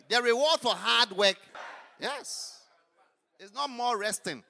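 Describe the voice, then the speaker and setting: Fervent high-voiced male preacher. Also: unhurried, vocal fry, some chatter behind, slight background noise. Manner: fervent, swings from shouts to low murmurs. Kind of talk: sermon.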